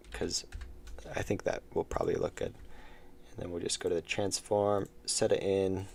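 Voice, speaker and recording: Low gravelly man thinking aloud. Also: darkish tone. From United States. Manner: thinks aloud, mumbles while working, chats with viewers. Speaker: game developer streamer. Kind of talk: casual live-stream commentary while coding.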